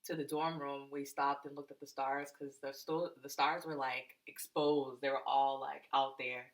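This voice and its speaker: A woman in her thirties co-hosting a couple's podcast, telling stories in a teasing, animated way. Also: a bass voice, normal speed, poor audio. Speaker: podcast co-host. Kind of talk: casual couple chat.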